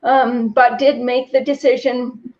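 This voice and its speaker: A middle-aged woman from Canada speaks as an interview guest, her voice pitched a little high. She tells her story in an earnest, reflective way. The call audio is slightly dull and lo-fi. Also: level tone, slow, darkish tone. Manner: earnest, reflective, moved to tears at moments. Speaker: guest, registered dietitian and author.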